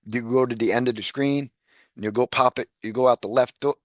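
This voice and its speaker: A man chatting casually as a podcast guest, animated, laughing often and repeating words as he talks. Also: mid-range voice, fairly quick, dry recording, studio quality.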